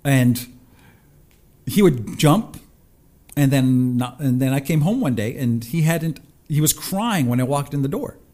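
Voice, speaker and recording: A talk show host recounts a personal story with lots of energy, doing the voices of everyone involved. His voice sits at a medium pitch and he takes his time, sounding lively and expressive throughout.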